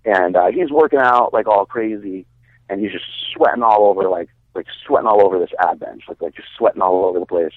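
A man's voice: lowish voice, a little fast, no room sound. A man, a bodybuilder guest, telling a story in a casual, rambling way, full of fillers and swearing. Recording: dry, tinny phone-like sound.

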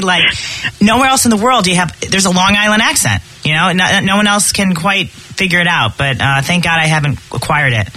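A woman hosting a radio talk show in a chatty, excitable way. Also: fairly low pitch. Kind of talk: casual radio chat.

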